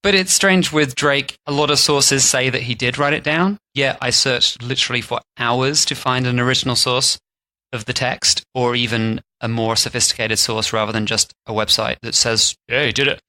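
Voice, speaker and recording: Bright-voiced man hosting a casual podcast. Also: medium pitch, steady tone, normal speed. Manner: playful storytelling, mock-posh impressions. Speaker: podcast co-host. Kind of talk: casual chat.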